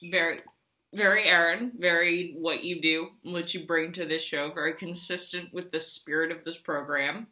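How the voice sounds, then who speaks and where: A woman's voice: lowish voice, steady tone, normal speed, bright, forceful tone. A woman co-hosting a podcast in casual chat, wry and articulate, with dry asides. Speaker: podcast co-host.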